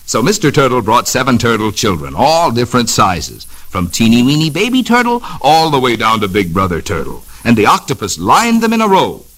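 A man narrating a children's story on a record in a gentle, expressive way. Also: mid-range voice, a little fast, hardly any pauses. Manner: gentle, sing-song and expressive.

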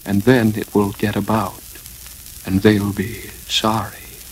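A man's voice: lowish voice, level tone, slight background noise, rough recording. A man voicing a gloomy old storybook donkey. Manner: slow, sighing, melancholy drawl. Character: gloomy old grey donkey, self-pitying.

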